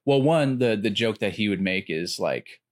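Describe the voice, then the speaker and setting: Man, casual chat, low-ish voice, rambling, filler-heavy, animated retelling. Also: normal speed. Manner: rambling, many "like" fillers, animated when quoting comedians.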